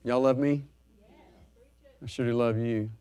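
A middle-aged man pastor preaching a sermon, swinging from loud fervor to soft, hushed talk. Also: mid-range voice, steady tone, unhurried, clear, resonant tone.

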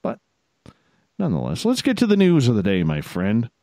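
A man hosting a casual radio talk show, joking and rambling with shout-outs to listeners. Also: mid-range voice, huge pitch swings, moderate pace, dry recording, clean studio sound. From Canada.

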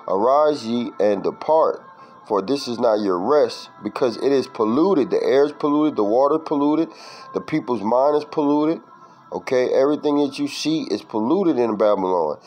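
Reading Bible verses and word definitions aloud, a man preaches informally in a profane, street-style way, tacking "man" onto the ends of lines. His medium-pitched voice has a darkish tone, and the scripture study talk is recorded in low quality.

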